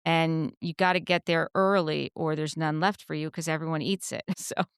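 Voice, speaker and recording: A woman's voice: deep voice, moderate pace, clean tone, no room sound, clean studio sound. Woman host recapping a TV episode. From New Jersey. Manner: recaps episodes in a steady, explaining way. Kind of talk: casual podcast chat.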